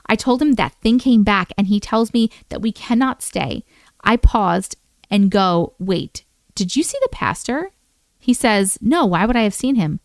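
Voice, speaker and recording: Young adult woman, host reading eerie viewer stories live, expressive and slightly high-pitched, dry close mic. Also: no echo. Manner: expressive, acts out quoted voices. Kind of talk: live-stream story reading.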